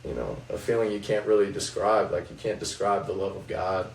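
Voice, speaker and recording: On a faith-focused podcast chat, a young male college basketball player reflects and tells stories briskly, his low voice showing vocal fry and plenty of fillers. The recording is roomy and faintly noisy, with the mic a bit distant.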